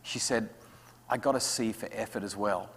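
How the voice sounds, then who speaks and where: A man speaking to parents at an evening talk, lively and acting out what his kids say. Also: fairly low pitch, normal speed, gravelly, breathy edge. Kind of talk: talk to an audience with questions. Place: school hall. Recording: hall reverb.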